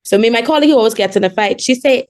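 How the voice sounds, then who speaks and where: A woman in her twenties from the Bahamas with a Bahamian accent, chatting casually as a call-in guest and telling quick stories with laughs. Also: a little high. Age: 20s. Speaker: guest calling in. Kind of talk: casual chat.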